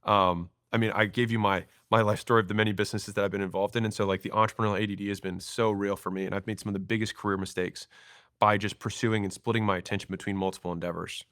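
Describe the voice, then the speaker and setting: A man in his thirties, a podcast guest, telling stories and acting out quoted lines in an animated way. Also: on the low side, fast, smooth, no echo, studio quality. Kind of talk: storytelling interview talk.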